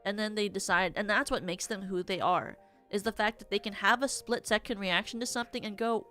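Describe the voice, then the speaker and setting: A woman's voice: medium pitch, steady tone, a little fast, sharp tone, soft background music. A young adult woman streaming as a VTuber, chatting casually in a rambling, theatrical way with many filler words. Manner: self-described yappy, theatrical.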